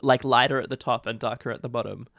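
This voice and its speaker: A man joining a live show as a guest over a video call, talking in a relaxed, friendly way with lots of fillers. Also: mid-range voice, fast, gravelly, dry recording, clean studio sound. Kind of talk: casual chat.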